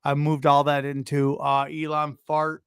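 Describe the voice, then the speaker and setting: Podcast host, male, a little high-pitched, jokey, dry sound. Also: monotone, measured pace, smooth, no room sound. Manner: teasing, jokey. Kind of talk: casual podcast chat.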